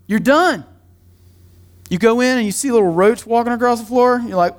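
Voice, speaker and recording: A middle-aged man, a pastor, preaching a sermon in a church in a conversational, joking way with quick asides. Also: very high voice. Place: church sanctuary.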